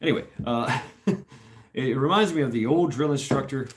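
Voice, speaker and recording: A man's voice: mid-range voice, slight background noise. A man hosting a casual livestream, rambling and chuckling as he chats with viewers. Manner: rambling, chuckling, slow and drawn out. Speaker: livestream host.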